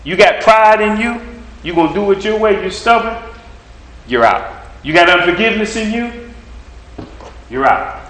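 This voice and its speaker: A man preaching a sermon in a bright, forceful voice pitched a little high. He hammers his points home with repeated lines and rhetorical questions. The sound rings around an echoey room. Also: expressive, normal speed, long pauses. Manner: emphatic, repetitive preaching cadence with rhetorical questions.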